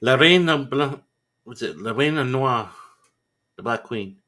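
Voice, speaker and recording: Dry-witted man with a lively voice. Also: mid-range voice, a little slow. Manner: dry, teasing interjections. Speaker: podcast co-host. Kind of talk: casual film review chat.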